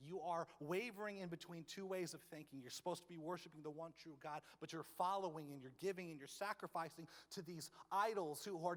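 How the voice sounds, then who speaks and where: High-voiced passionate male pastor. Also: long reverb tail. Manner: passionate, swings from soft to loud. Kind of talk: sermon. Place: church sanctuary.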